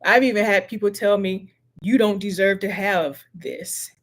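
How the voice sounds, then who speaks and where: A middle-aged woman hosts a motivational live stream. She talks slowly and earnestly, circling back to repeat each affirmation as if speaking to one viewer. She sits close to the mic. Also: mid-range voice.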